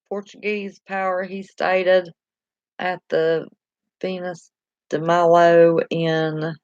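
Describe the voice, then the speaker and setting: A woman with a Southern American accent hosts a channel, chatting casually on a live stream as she reads and answers viewer comments. She's homey and talkative and laughs easily, with a fairly low, darkish voice. There's no room sound, and the highs are cut off.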